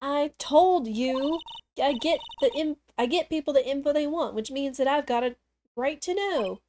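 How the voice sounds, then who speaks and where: A woman voicing a brash young female reporter with a Southern US accent, loud and pushy. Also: high-pitched, normal speed, slight background noise, pitched above the performer's own voice, lightly acted. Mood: indignant.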